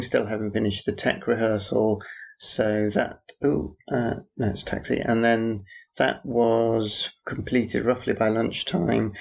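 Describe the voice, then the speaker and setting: A man's voice: lowish voice, creaky. A man rambling through a personal audio diary, making dry, wry asides about passers-by. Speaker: theatre worker.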